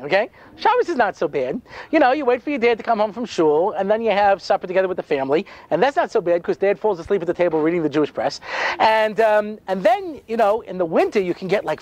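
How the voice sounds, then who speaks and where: A rabbi giving a humorous storytelling talk, full of dry sarcasm and frequent "you know" asides. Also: male voice, high-pitched, no room sound.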